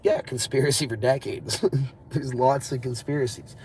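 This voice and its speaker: A man's voice: mid-range voice, fairly even intonation, normal speed, a little mellow, a little hiss or hum. A man chatting casually on a livestream, rambling, swearing and laughing often, talking into a phone. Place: outdoors on city streets.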